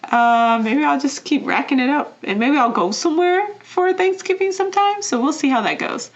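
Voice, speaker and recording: A young woman vlogger chatting casually as she counts cash into envelopes, often dropping to a soft murmur. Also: sits high, lively intonation, moderate pace, lo-fi sound, a little hiss or hum. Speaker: vlogger doing budgeting videos.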